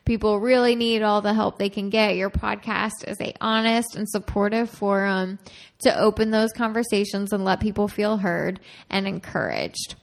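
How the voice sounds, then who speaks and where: A woman's voice: mid-range voice, normal speed, creaky. A woman co-hosting a podcast, reading a listener's letter aloud and teasing her co-host. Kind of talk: casual chat, reading a listener email aloud.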